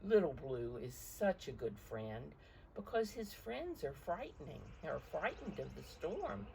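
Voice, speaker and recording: Low-voiced woman reading a picture book. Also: gravelly, slight background noise, low-quality recording. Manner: gentle, expressive storytelling voice with pauses to explain pictures. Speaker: picture-book reader for preschoolers. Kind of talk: storytime read-aloud.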